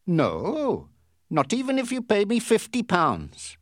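A hot-tempered sea captain, put on by a man reading a storybook aloud. He blusters in a voice lifted far above the reader's own, swinging wildly in pitch, and the reading is slow and dry. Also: wildly swooping pitch, no echo, exaggerated voice. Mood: gruff. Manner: blustering, rising to outraged shouts.

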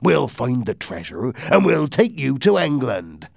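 A man voicing a scheming pirate leader who bargains slowly and threateningly. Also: medium pitch, big pitch swings, vocal fry, dry recording, studio quality, voice pushed up, exaggerated voice. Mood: menacing.

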